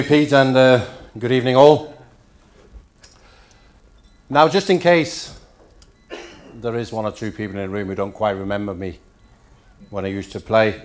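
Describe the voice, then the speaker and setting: Danish-born man telling after-dinner stories. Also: on the low side. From Denmark. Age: middle-aged. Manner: dry storytelling with punchlines. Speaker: after-dinner guest speaker. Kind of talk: after-dinner speech with anecdotes. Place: hotel function room.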